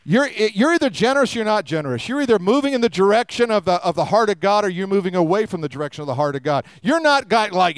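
A middle-aged man preaches a sermon in a high, clear voice. He jokes with the congregation and acts out the voices of the people he quotes. The sound is dry and close. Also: expressive, fast talker, hardly any pauses, no echo. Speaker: pastor.

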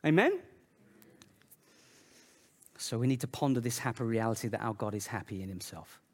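A man preaching a sermon in an animated way, swinging between loud, emphatic phrases and quiet, low asides. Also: moderate pace. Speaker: pastor.

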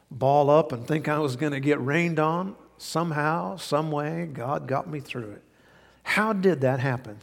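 A male pastor preaching a sermon in earnest, hammering points home by repetition and folksy stories. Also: on the high side. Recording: long reverb of a large hall.

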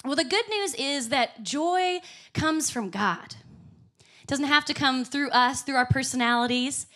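A woman preaches a sermon in church, upbeat and emphatic, often breaking into a laugh. Her voice sits high and rings bright. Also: measured pace. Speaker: pastor.

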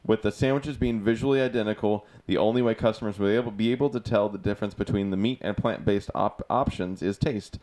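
A man co-hosting a podcast in casual chat, laughing easily and reading news items aloud with halting restarts. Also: lowish voice, a little mellow. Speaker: podcast co-host.

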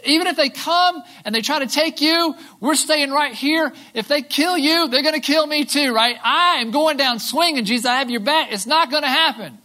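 Preacher acting out a loud, boastful loyal disciple. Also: high voice, normal speed, few pauses, voice pushed up. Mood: insistent. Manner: loud, insistent declarations. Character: fiercely loyal male disciple, boastful and earnest.

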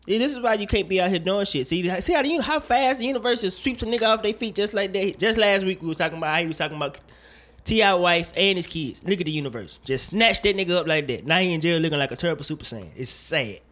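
A man hosting a laid-back podcast, chatting in an animated, joking way. He swears freely and drifts off into rambling asides. His voice sits a little high for a man. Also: quick pace. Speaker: podcast host. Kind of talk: casual chat.

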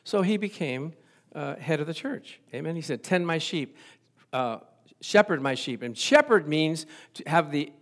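Older male pastor in his 60s, lively sermon delivery, slightly higher voice, laughs between points. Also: normal speed. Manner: animated, chuckling, acts out little dialogues.

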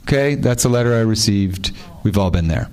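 A man's voice: fairly low pitch, expressive, brisk, darkish tone. A man, an author on a panel, telling stories and reading letters aloud in a wry, amused way, often laughing and rambling with restarts.

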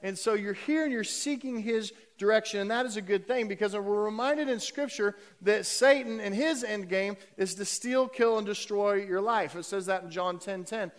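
A man's voice: sits high, normal speed, hardly any pauses, in a large hall. A man preaching a conversational sermon as pastor, with frequent fillers and restarts. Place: church sanctuary.

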